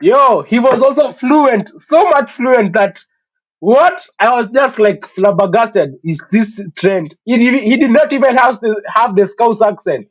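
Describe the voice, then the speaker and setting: Stream host, man, higher-pitched voice, opinionated casual football talk; dull, dry lo-fi recording. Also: lively intonation, a little slow, slightly rough, no room sound. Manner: emphatic, opinionated, frequent "you know" fillers.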